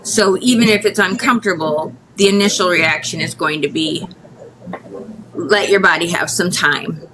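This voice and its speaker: Low-voiced woman telling a personal story. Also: noisy background. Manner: candid, emotional, halting with restarts. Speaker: guest. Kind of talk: casual interview storytelling.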